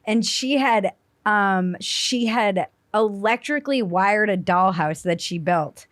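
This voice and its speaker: Middle-aged woman host, lively storyteller, medium pitch, dry close studio sound. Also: takes it slowly, no echo. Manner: animated storyteller, acts out voices. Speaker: podcast host. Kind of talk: casual storytelling chat.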